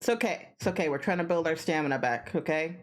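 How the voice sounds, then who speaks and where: A tired woman streaming a video game from home, chatting casually and rambling between bursts of excited yelling. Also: deep voice, fast, a little hiss or hum. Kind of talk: casual gaming stream chat.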